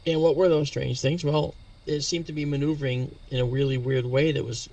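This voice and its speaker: A man with a gravelly, creaky voice, heard a little set back from the mic. He talks patiently as an interview guest and spells out the terms he uses. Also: a little high, fairly even intonation, brisk, warm tone, far from the mic. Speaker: astronomy guest expert. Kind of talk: explanatory interview talk.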